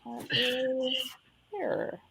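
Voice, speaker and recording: A woman's voice: high-pitched, level tone, very slow, creaky, pushed and bright, slightly rough. A woman hosting a live online vintage sale, chatting and counting down bids like an auctioneer. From United States.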